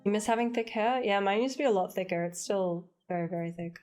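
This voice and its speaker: A woman's voice: medium pitch, fast talker, darkish tone, soft background music. Chatty Australian woman livestreaming. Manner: chatty and playful, swears lightly, laughs often. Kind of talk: casual livestream chat, reading chat aloud.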